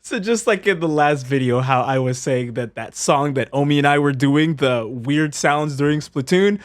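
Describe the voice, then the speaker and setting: A man's voice: on the high side, normal speed. Chatty laughing man narrating stream clips. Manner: upbeat, chatty, often laughing while explaining. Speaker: streamer narrating gameplay highlights. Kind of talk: casual commentary over stream clips.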